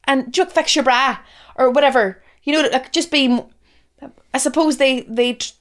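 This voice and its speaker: A woman's voice: sits high, normal speed. A woman in her thirties with a Northern Irish accent, co-hosting a podcast, talking frankly with lots of restarts and swearing. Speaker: podcast co-host, comedian. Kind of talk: casual chat.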